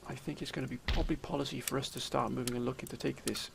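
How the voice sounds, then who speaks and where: Gravelly man narrating his strategy game. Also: mid-range voice, little pitch movement, rapid-fire, noisy background. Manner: theatrical, addresses viewers as 'sir' and 'gentlemen'. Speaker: let's play commentator. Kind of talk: game commentary.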